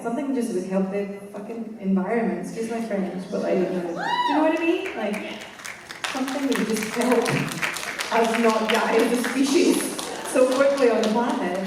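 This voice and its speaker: A woman speaking as a convention panel guest, excitable and blunt, swearing casually. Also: a little high, background noise. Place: large convention hall. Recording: echoey hall from far off.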